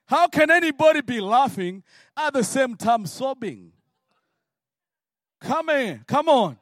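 A man from Africa preaching a sermon and telling his own story, swinging from hushed words to shouted prayer. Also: extremely high pitch, very animated, slow pace, long pauses, no room sound. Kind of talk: sermon testimony.

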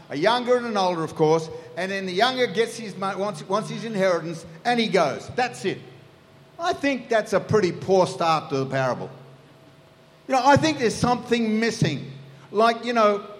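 A man preaching a sermon, telling the story vividly and acting out the scenes. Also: high-pitched. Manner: storytelling, acts out scenes in voices. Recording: echoey hall.

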